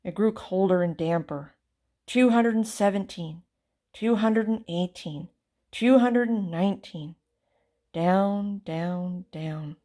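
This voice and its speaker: A woman reading a children's storybook aloud with expressive, theatrical narration. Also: mid-range voice, slow. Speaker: storybook reader.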